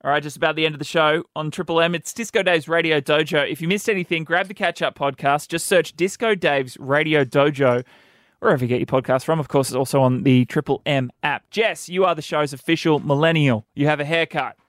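A man hosting a comedy radio show, wisecracking with quick delivery. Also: fairly high pitch, fairly bright tone, dry recording. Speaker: radio host. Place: radio studio.

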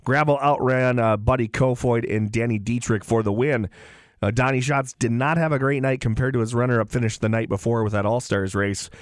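A relaxed man co-hosting a racing show who reads out race results in a halting way, full of fillers and restarts. His voice sits in a middle pitch and is recorded on a dry, close studio mic. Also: no room sound. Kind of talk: casual sports radio chat.

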